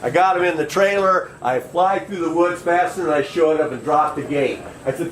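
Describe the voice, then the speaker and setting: A man's voice: fairly high pitch, a little fast, few pauses, echoey room, distant mic, a little hiss or hum, poor audio. A man who works as a boat captain, telling a long story in a folksy, conversational way and acting out the quotes. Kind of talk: live storytelling.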